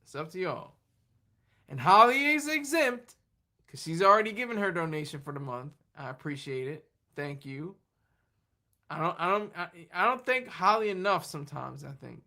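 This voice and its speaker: Bright-voiced rambling livestream host. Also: mid-range voice, animated, normal speed. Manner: rambling, laughs often, reads and answers chat; tired, running on fumes. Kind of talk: rambling casual livestream chat.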